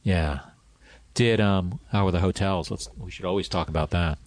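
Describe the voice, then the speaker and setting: A man's voice: sits low, normal speed, no echo. A man hosting a casual podcast interview, asking easy questions and dropping dry jokes. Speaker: podcast host.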